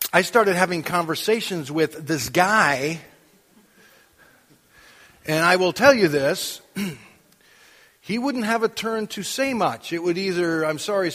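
A middle-aged man telling a personal story in an animated way, often acting out his own lines and saying "you know" a lot. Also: a little high, in a large hall. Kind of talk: personal storytelling, sermon-like talk.

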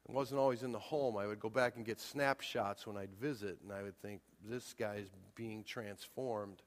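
A man's voice: fairly low pitch, a little fast. A man in his forties preaching a sermon, emphatic and pushing hard on his key points. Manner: emphatic, rising to near-shouts on key points. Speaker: pastor. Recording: long hall reverb.

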